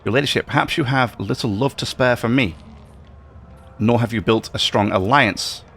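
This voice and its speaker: A man's voice: medium pitch, normal speed, fairly bright tone, breathy edge. A man reading a cold scheming conspirator. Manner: reads game dialogue aloud in a level tone. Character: scheming male station conspirator, cold and persuasive.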